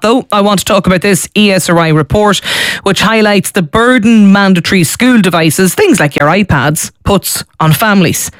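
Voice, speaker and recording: A man's voice: on the high side, dry recording. A man with an Irish accent presenting a live radio talk show, chatting and interviewing callers. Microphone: studio microphone.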